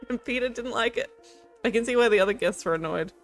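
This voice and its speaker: A woman's voice: on the high side, fast talker, faint music behind. A woman, a gaming streamer, reading a game's narration aloud in a playful way.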